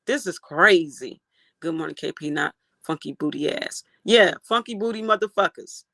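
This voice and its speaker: Livestream host, outraged reaction commentary, gravelly and sharp-toned, dry close sound. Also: mid-range voice, moderate pace, no room sound. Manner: animated, outraged, swears freely.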